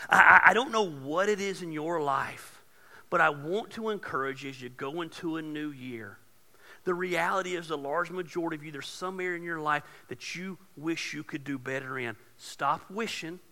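A pastor preaches a sermon in a casual, joking way that swells into loud, emphatic points. His voice is gravelly and very bright, sitting a little high for a man. It rings out with the long reverb of a large hall.

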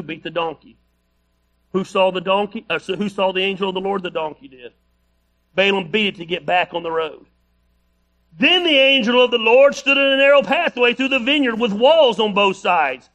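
A man's voice: high-pitched, fairly bright tone. A male pastor preaching a sermon, reading scripture aloud with playful, joking asides.

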